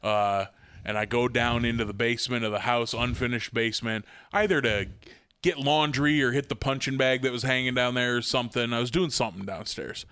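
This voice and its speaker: A man's voice: mid-range voice, brisk, bright, forceful tone, clear, resonant tone, no echo. A man co-hosting a podcast, chatting casually and telling a story in a self-mocking, profane way, laughing often. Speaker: podcast co-host.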